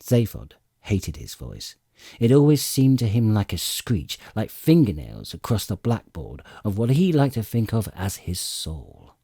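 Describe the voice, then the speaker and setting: A man narrating an audiobook with expressive storytelling and dry comic timing. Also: on the low side, unhurried, vocal fry, slightly rough, no room sound. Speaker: audiobook reader.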